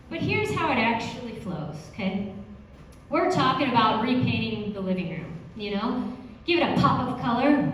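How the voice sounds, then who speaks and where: A woman with a high voice performs a chatty standup set, tossing in "you know" at every turn. She is heard from a distant mic in a very echoey room, with faint noise behind. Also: a bit bright. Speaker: standup comedy student. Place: comedy stage.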